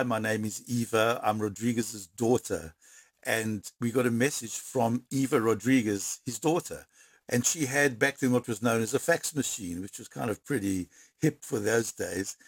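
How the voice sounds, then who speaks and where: A man recounting a story in an interview, animated, speeding up in bursts and repeating words. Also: mid-range voice, normal speed, husky, dry recording.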